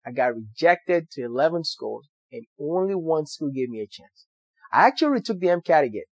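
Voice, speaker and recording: A man's voice: a little high, very animated, fairly quick, dry recording. A young man earnestly telling a personal story to viewers, with motivational emphasis. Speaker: doctor sharing his story.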